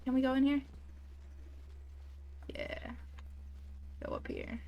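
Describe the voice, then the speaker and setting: A woman's voice: high voice, wildly swooping pitch, slow pace, creaky, muffled recording. A young woman casually commenting while playing a video game, often startled into squeals and apologizing to the creatures on screen. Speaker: gamer. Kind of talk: casual let's-play commentary.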